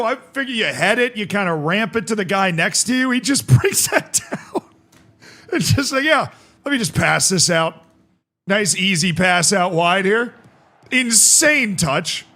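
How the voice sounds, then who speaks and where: A man streaming a football management game live, reacting excitably to the match and joking with his chat. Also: high-pitched. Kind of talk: live gameplay commentary.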